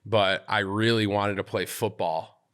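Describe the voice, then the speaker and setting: Guest streamer, 20s, low-ish relaxed voice, easygoing storyteller. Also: male voice, measured pace. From upstate New York. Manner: relaxed, self-deprecating storyteller. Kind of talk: casual podcast chat, storytelling.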